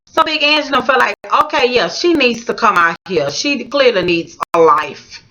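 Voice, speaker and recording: A woman vlogger giving a slangy, animated, casual recap of a reality show, talking straight to her viewers. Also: fairly high pitch, moderate pace.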